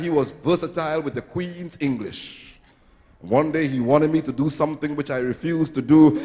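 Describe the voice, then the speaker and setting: In a reverberant church sanctuary, a male pastor from Trinidad and Tobago delivers a sermon with sing-song swells and acted-out quotes. His voice sits a little high, with a darkish tone.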